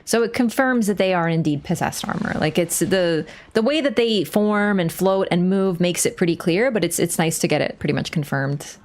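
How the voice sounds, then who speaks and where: A young woman streaming a game live, excitable, shouting at the game and laughing often. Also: lowish voice, moderate pace, hardly any pauses, slight background noise.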